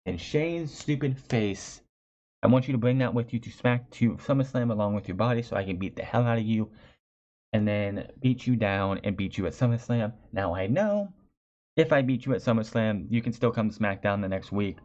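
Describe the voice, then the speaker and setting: Low-voiced man with chatty, sarcastic review talk. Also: normal speed, a little mellow. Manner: chatty, sarcastic, frequent restarts. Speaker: wrestling show reviewer. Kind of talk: casual show review. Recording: dull lo-fi recording.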